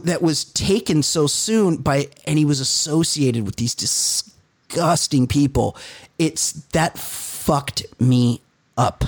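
A man hosting a casual podcast chat. He talks candidly, swears freely and speaks with open emotion. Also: fairly high pitch. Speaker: podcast host.

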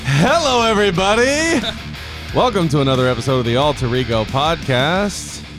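A young adult man hosting a podcast, animated and laughing often between banter and ad reads. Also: fairly high pitch, normal speed, over music. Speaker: podcast host.

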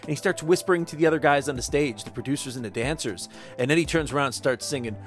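A man chatting casually about a movie, animated and swearing, acting out scenes with silly voices. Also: mid-range voice, quick pace, soft background music. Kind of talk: casual movie-review chat.

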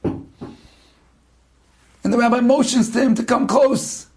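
Slow, high-voiced man telling a story. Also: darkish tone. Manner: slow, with long dramatic pauses. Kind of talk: dramatic storytelling sermon.

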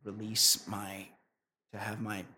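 A man co-hosting a comedy podcast, chatting casually and leaping up in pitch when he is incredulous. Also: level tone, slow pace, pushed and bright. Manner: incredulous, jumps high in pitch for emphasis. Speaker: podcast co-host.

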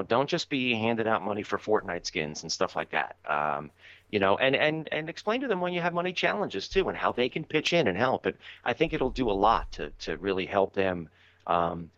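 A man co-hosting a podcast, giving earnest advice in a casual, halting way. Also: on the low side, a bit bright, dry recording. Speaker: podcast co-host. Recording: dull, dry remote audio.

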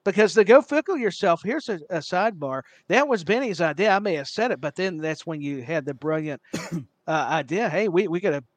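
A man's voice: high-pitched, expressive, a little fast, dry recording. Chatty self-mocking male podcast co-host. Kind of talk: casual chat.

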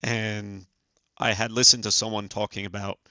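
Gravelly-voiced man in his forties. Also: fairly low pitch, level tone, bright, forceful tone, no room sound. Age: 40s. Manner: earnest, halting, many fillers. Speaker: podcast guest. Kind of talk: casual storytelling.

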